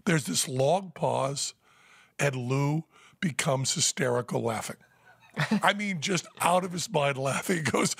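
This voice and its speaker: A man telling a story in casual podcast chat, animated and breaking into high laughter. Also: measured pace, gravelly, husky, no room sound, studio quality. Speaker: podcast host. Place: Las Vegas.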